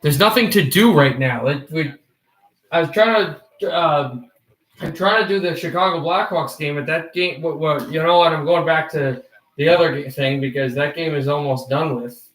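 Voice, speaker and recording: An excitable man doing amateur hockey play-by-play on a livestream, his high voice bright and sharp. He slips between casual chat and calls that jump to shouts on big plays. The sound is roomy and echoey. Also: moderate pace. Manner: excitable, rises to shouts on goals. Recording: roomy echo.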